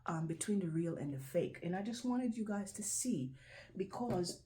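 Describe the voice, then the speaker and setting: With slight background noise behind her, a Jamaican woman talks casually to the camera in her own video as she shows things. Her medium-pitched voice is expressive and dark, slow and full of pauses, and she often repeats herself and checks in with "right?"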